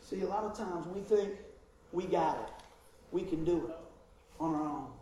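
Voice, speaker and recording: A man preaching and telling a story, acting out both sides of the dialogue and swinging between loud and hushed. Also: on the high side, normal speed, slight background noise. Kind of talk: sermon storytelling. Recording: echoey hall, from a distance.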